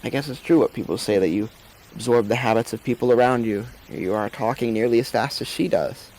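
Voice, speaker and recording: A man's voice: medium pitch, brisk, darkish tone, a little hiss or hum, pitched above the performer's own voice, lightly acted, poor audio. A man voicing a fond motherly older woman. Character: warm motherly older woman, proud mentor.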